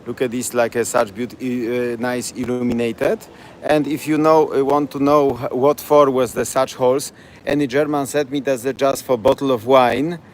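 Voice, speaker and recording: At night on city streets, a man with a Polish accent guides a live-streamed walking tour in broken, chatty English, repeating place names as he goes. His medium-pitched voice shows little pitch movement at a moderate pace, with street noise behind.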